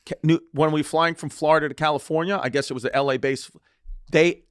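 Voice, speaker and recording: A man's voice: a little high, steady tone, fairly quick, smooth, no room sound, studio quality. A man co-hosting a podcast, telling a story in a loose, swearing way and laughing between sentences. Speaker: podcast host. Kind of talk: casual chat, storytelling.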